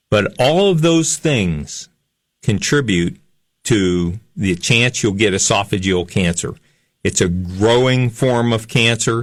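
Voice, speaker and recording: A man in his fifties hosting a health talk show, speaking earnestly and haltingly with frequent pauses. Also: fairly low pitch, fairly bright tone, no echo, studio quality. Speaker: health show host, chiropractor. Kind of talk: radio health talk monologue.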